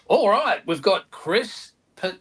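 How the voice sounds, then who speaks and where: An Australian man co-hosting a live show, working his way through viewer names. He talks slowly in a high, bright voice and pokes fun at himself. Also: big pitch swings, husky. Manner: reads out chat names, self-mocking. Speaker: co-host. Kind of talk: casual live-stream chat.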